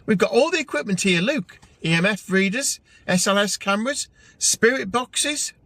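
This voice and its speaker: A man's voice: high voice, lively intonation, pushed and bright, voice pushed up, full character voice. A man voicing an awkward male ghost hunter with a South Welsh accent, hurrying to reassure. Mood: reassuring. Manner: hurried, reassuring.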